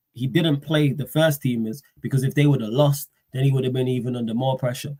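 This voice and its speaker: A man, hosting a football livestream, talking in a slangy, animated way and firing off rhetorical questions. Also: medium pitch. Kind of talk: casual live-stream rant.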